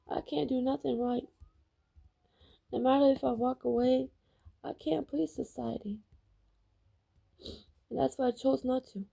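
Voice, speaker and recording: A woman's voice: a little high, vocal fry, mellow, husky. A woman vlogger in a heated, emotional rant, repeating herself for emphasis and swearing. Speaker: vlogger reacting to videos. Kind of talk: emotional personal vlog rant.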